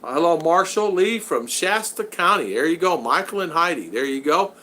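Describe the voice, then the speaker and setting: A man's voice: a little high, expressive, normal speed, sharp tone. A middle-aged man hosting a casual live stream, chatty, laughing often and thanking viewers over and over. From Florida. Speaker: live stream host reading super chats.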